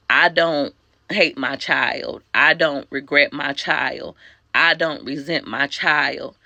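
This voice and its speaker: A woman's voice: deep voice, bright, forceful tone, no echo. A woman talking candidly to camera as a mother, emphatic, heartfelt and blunt. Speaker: mother sharing life advice. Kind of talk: candid personal monologue to camera.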